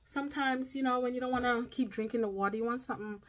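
A woman's voice: on the high side, fairly even intonation, fast. A woman chatting casually through a grocery haul at home, drawn out and often checking in with "okay?". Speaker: vlogger. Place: home, indoors.

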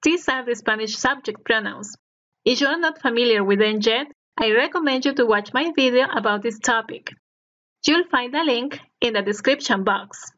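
A woman narrating a scripted language lesson as the teacher, speaking slowly and clearly so learners can repeat after her. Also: a little high, a bit bright. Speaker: Spanish teacher. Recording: dull lo-fi recording.

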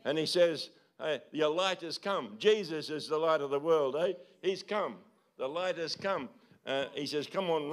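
A man, a pastor preaching a sermon in a church service, urging his listeners with repeated calls and quick tag questions. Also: a little high.

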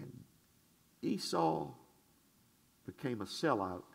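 A male pastor preaching a sermon in a church, swinging from shouted declarations to hushed asides in a folksy, conversational way. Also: on the high side, big pitch swings. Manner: conversational, drawn-out and folksy, with audience call-and-response.

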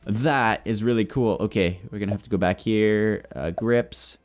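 Playing shopkeeper in a let's play, this young male YouTuber jokes with the game's customers. He speaks at a normal speed in a fairly low voice.

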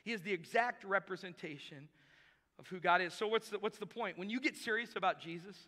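A man preaches a sermon, his voice pitched very high and ringing bright with a forceful edge. He drives his points home by repeating short phrases. A long hall reverb trails every line. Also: brisk. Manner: emphatic, repeats key phrases for effect. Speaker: pastor.

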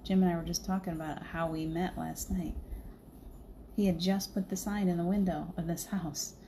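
A woman's voice: fairly low pitch, fairly even intonation, normal speed, mellow, a little hiss or hum. A middle-aged woman hosting a livestream, telling a spiritual story in a chatty way and laughing often. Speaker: livestream host. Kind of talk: casual spiritual chat.

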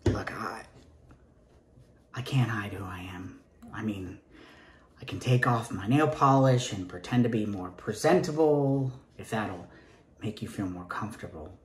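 A man's voice: fairly low pitch, animated, moderate pace, echoey room, slight background noise, lightly acted. An actor playing a nervous gay man interviewing for a teaching job, rambling and stammering in a Southern accent, sometimes dropping to a whisper. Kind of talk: comic stage monologue.

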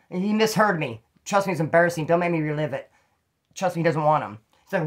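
A man's voice: fairly high pitch, expressive, fast, fairly bright tone. A man telling rambling, slangy, profane stories in a casual monologue. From California. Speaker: storyteller about prison life.

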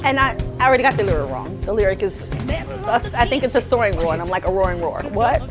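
A woman vocal coach talking chattily in a casual vlog, animated and often laughing. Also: medium pitch, fast, over music.

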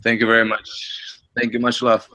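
A man's voice: mid-range voice, completely flat delivery, fairly quick, background noise. A man taking part in a session, asking a question and repeatedly thanking the speaker. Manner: grateful, repeats his thanks. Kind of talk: casual conversation.

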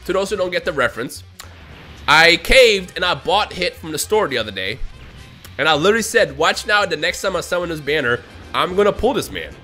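Man, gaming vlog commentary, high and very lively voice, bright and tense, exasperated outbursts, faint game music behind. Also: a little fast, breathy edge. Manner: exasperated, swings between grumbling and shouted outbursts. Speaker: mobile game YouTuber.

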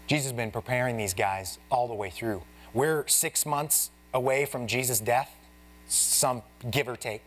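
A man's voice: medium pitch, unhurried, long pauses, a little hiss or hum. A man preaching as a pastor in a church, teaching in a casual, chatty way, talking to the congregation like friends and acting out Bible scenes. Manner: acts out the Bible characters in lively voices. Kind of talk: expository sermon. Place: church sanctuary.

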